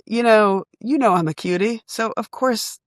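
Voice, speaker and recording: A woman co-hosting a comedy podcast, telling a story in animated, casual chat and laughing often. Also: medium pitch, normal speed, no room sound, clean studio sound. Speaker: podcast co-host.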